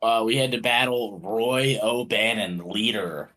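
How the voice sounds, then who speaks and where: A man's voice: on the low side, measured pace, bright, forceful tone, poor audio. A man co-hosting a podcast, making dry, crude quips in casual chat. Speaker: podcast co-host.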